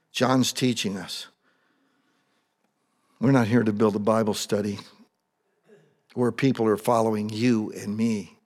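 A man preaching a sermon as pastor, with conversational, animated storytelling that builds in excitement. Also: on the low side, a little slow, long pauses, big-room sound.

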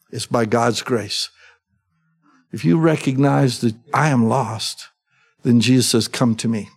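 A man's voice: medium pitch, measured pace, creaky, slightly rough. Middle-aged pastor guy preaching, chatty, keeps asking the crowd true? right?. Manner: conversational, asks the congregation for agreement. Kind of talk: sermon.

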